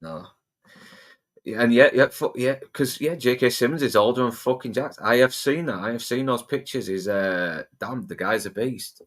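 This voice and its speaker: A man's voice: mid-range voice, normal speed. A man co-hosting a casual film-discussion podcast, rambling, swearing freely and restarting his sentences. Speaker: podcast co-host.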